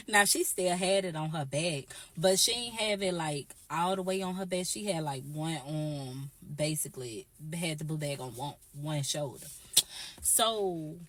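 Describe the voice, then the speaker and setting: A woman vlogger telling an animated, profane, slangy story straight to camera. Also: low-pitched, unhurried. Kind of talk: storytime vlog.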